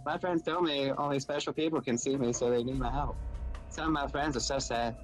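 A man's voice: mid-range voice, fairly even intonation, brisk, close to an everyday voice. A man voicing a sweet young girl reading her diary aloud, in an attempted Southern accent with a childlike, earnest delivery. Game music plays underneath.

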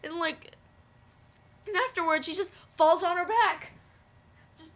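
A young woman vlogging, telling a story casually with lots of fillers and excitable outbursts. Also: very high voice, measured pace, long pauses. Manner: rambling, filler-heavy, excitable.

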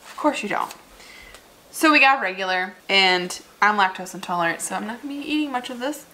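Bright-voiced young woman in a casual food vlog. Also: mid-range voice, expressive, brisk, a little hiss or hum, rough recording. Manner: dry, joking asides while eating. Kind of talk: casual food review chat.

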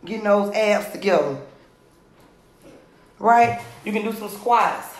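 Woman, business coach on a live phone stream, punchy and repetitive, middle pitch, roomy sound. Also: slow. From Atlanta area, US. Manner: energetic, directly addresses viewers, repeats points. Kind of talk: live social media coaching.

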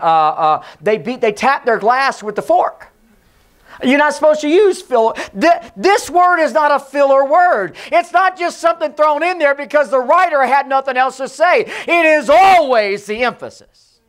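A pastor giving an emphatic sermon in a church, sometimes hushed and sometimes shouting, and calling on the congregation to repeat his words. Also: extremely high pitch. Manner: leads the congregation in call and response. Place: church sanctuary.

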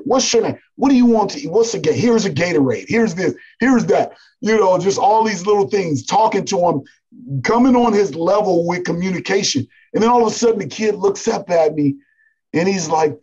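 A basketball coach talking in a casual podcast conversation, telling animated stories and often dropping "man" and "like". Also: high voice, slightly rough, lo-fi sound. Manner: animated storytelling, frequent "man" and "like".

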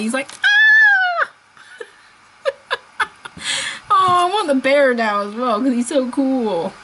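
A woman chatting casually as she unboxes toys, gushing and excitable, laughing often. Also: sits high, a little hiss or hum, low-quality recording. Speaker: unboxing vlogger.

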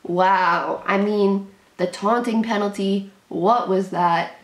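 A woman's voice: medium pitch, steady tone, slow. A young woman reacting to a football game as a fan, narrating each snap in short, clipped lines with nervous energy. Her voice sits in an ordinary middle range for a woman. It rings with a hollow echo off the room. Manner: nervous play-by-play, shrieking at big plays; calls plays in short clipped sentences. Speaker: sports fan commentator. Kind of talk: live game reaction commentary.

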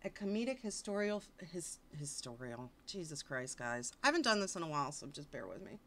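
A woman's voice: low-pitched, very animated, brisk, fairly bright tone. A woman streamer reading fiction aloud on a casual livestream, breaking off for wisecracking, mock-exasperated asides.

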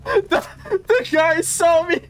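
A man streaming a shooter game live, swearing often and shouting at a teammate with frequent laughter. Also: takes it slowly, slight background noise. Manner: laughs often, voice jumps high when excited. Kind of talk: live gaming stream commentary.

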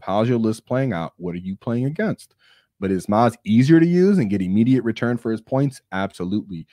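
Young male stream host, low-pitched, energetic and opinionated, dry close mic. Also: no room sound. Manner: energetic, opinionated, hypes things up and acts out quotes. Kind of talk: casual live-stream chat about tabletop gaming.

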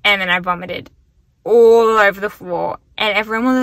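Chatty young woman, bright voice. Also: a little high, steady tone, measured pace, no echo. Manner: chatty, rambling, full of "like". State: tired and weak from illness. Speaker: vlogger. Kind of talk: casual vlog diary. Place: bus, then a car.

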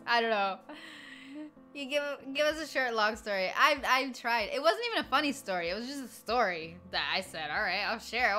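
Young woman streamer rambling to chat, kinda high pitched, faint music behind. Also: expressive, normal speed, pushed and bright. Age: 20s. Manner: rambling, laughs often, greets chat mid-story. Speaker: livestreamer. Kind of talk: casual chat to stream viewers.

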